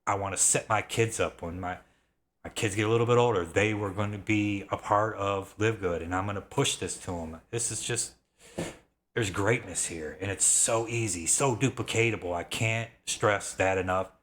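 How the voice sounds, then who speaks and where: Brief: man, 30s, low voice, eager affiliate marketer mid-rant, repeats himself. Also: moderate pace, a bit bright. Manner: enthusiastic, repetitive, worked up. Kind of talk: excited sales pitch, self-described rant.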